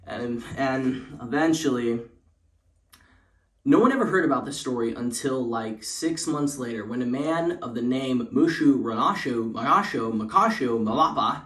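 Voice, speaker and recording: Young guy telling a fake creepy story, lots of likes and restarts, mid pitch, echoey room. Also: animated, moderate pace, a bit bright. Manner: rambling with many fillers and restarts. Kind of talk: comedic parody storytelling.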